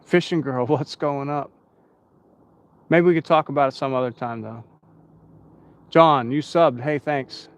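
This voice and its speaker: A man's voice: medium pitch, measured pace, long pauses. Tired, rambling man chatting on a live stream. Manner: rambling, chatty, reads out viewer names. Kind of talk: casual live stream chat. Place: outdoors at night.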